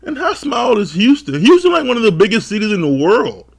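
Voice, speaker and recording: Casting note: male reality show reviewer, gravelly voice, slightly high pitch, laughs and swears a lot. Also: brisk. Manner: laughs often, swears freely, animated retellings. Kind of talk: casual profane commentary.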